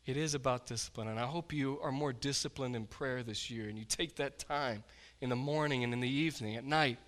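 Male pastor, sermon delivery, bright tone, impassioned with loud-to-quiet swings. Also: mid-range voice, brisk, long reverb tail. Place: church.

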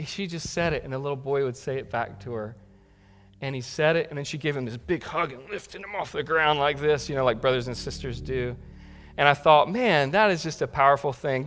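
A man's voice: mid-range voice, normal speed, big-room sound, soft background music. A male pastor preaching a sermon in a conversational way that builds to emphatic peaks. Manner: conversational, warm asides, rising to emphatic peaks.

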